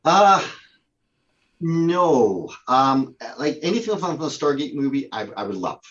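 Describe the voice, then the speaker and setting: Brief: male guest, halting storyteller, lots of ums, dull lo-fi call audio. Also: on the high side, big pitch swings, fairly bright tone. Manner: halting, with many fillers and restarts. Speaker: prop company owner, guest. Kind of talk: casual anecdote telling.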